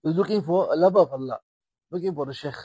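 Guy giving a sermon, husky, high voice, gets loud then drops soft, dry close sound. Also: rapid-fire, no echo, rough recording. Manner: impassioned, rising and falling in volume, acting out dialogue. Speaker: preacher.

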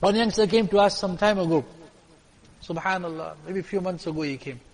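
A man delivers a storytelling sermon in a fairly high voice. He repeats key lines and swings between loud appeals and hushed pleading. The sound carries a long reverb from a hall. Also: fairly quick. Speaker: preacher.

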